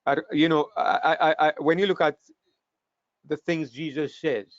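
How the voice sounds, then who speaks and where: A man teaching an online Bible class, talking in an animated way and sometimes repeating words as he thinks. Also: a little high, measured pace, no echo. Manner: animated, acts out scripture quotes, repeats words while thinking. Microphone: online call microphone. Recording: dull, dry online call audio.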